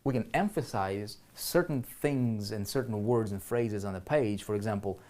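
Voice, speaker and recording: This online marketing lesson comes from a man with a fairly low, slightly mellow voice at a moderate pace. He demonstrates on a shared screen while thinking aloud and checking in with listeners, with frequent restarts and repeated words.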